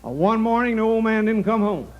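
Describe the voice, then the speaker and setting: A man's voice: sits high, lively intonation, a little fast, muffled recording. An older man telling a folksy stand-up comedy monologue on an outdoor stage, chuckling at his own jokes.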